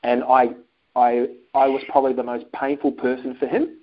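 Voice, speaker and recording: A man's voice: mid-range voice, normal speed. A man telling a personal story in a casual interview, acting out phone calls and what people said. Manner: animated, acts out phone calls and quotes. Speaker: interview guest. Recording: dull lo-fi sound.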